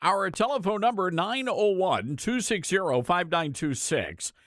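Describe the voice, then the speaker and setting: A man's voice: sits high, expressive, a little slow, a bit bright, no room sound, clean studio sound. A man hosting a talk radio show, reading quotes aloud with mocking, sarcastic asides. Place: radio studio. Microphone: studio microphone.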